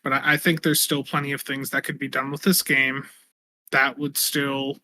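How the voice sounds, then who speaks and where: A man's voice: medium pitch, little pitch movement, moderate pace, sharp tone, slight background noise. A man on a casual podcast panel, earnest and often repeating words as he starts. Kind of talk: casual discussion.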